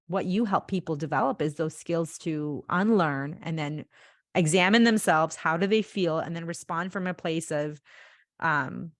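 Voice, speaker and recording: Low-voiced woman podcast host, dry sound. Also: unhurried, dry recording. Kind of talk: casual podcast conversation.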